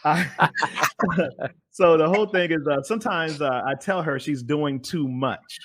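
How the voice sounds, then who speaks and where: A man's voice: fairly high pitch, unhurried. A man hosting an interview show, talking casually with lots of fillers and repeated words. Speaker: podcast host.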